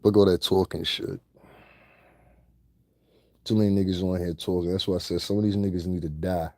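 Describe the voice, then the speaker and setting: A man's voice: sits low, flat delivery, moderate pace, darkish tone, no echo, studio quality. A man vlogging in a confrontational rant, profane and taunting, breaking into laughter at times.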